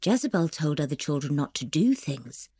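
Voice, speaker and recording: A woman reading a story aloud in a calm, measured way. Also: low-pitched, breathy edge, no room sound, clean studio sound. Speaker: narrator.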